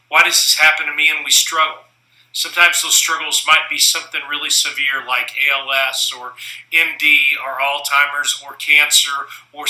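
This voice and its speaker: Man, preacher, earnest storytelling sermon, slightly high voice, roomy echo. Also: sharp tone. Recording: echoey room.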